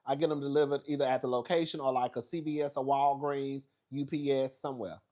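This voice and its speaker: A medium-pitched man talks fast as he hosts a profane, casual gossip recap of a reality show. Expect sassy, animated stories, dramatic asides and plenty of laughing.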